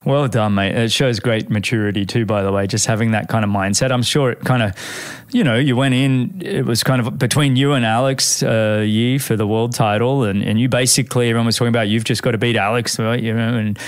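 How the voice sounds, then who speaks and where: A man's voice: medium pitch, fairly even intonation, brisk, no echo. A man hosting a podcast interview in a friendly, chatty way, calling his guest mate. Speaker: podcast host. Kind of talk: casual interview chat.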